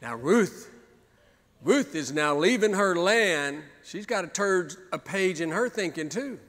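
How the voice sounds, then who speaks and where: A male pastor with a high, bright, forceful voice preaches in a church sanctuary. He builds up through repeated calls and lines that climb in intensity. The sound carries a long, echoey hall reverb. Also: lively intonation, slow. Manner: preaching with rising, repeated exhortations. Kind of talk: sermon.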